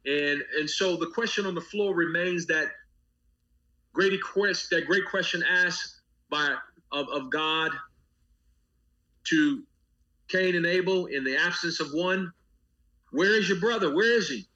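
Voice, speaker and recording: Impassioned preacher-cadenced man, high bright voice. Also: slow pace, long pauses, muffled recording. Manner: preacher-like cadence, repeating phrases, rhythmic lists. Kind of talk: impassioned interview talk.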